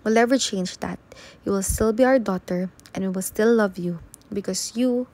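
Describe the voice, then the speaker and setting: A woman reading aloud as a gentle adoptive mother, soft and reassuring. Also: mid-range voice, moderate pace, natural voice. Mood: tender. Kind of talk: audiobook reading.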